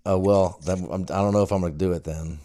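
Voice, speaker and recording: A man's voice: low voice, steady tone, fast talker, dark tone, no room sound, studio quality. A man hosting a podcast, chatting casually with an old friend on a recorded call, easygoing and full of fillers and laughs. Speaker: podcast host. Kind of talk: casual phone chat. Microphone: recorded phone call.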